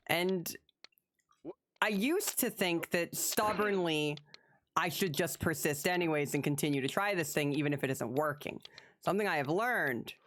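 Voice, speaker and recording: A woman streaming a game, her lowish voice swinging widely in pitch as she reacts. She swears and yells when the game beats her, then settles back into talking herself calm. A faint hiss sits under the voice. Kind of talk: live gameplay commentary.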